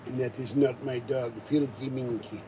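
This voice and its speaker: A man's voice: medium pitch, fairly even intonation, noisy background, lightly acted. A man doing a toothless mad French killer. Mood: rambling. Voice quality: gummy, lisping from no teeth. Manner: slow, mock bad French accent.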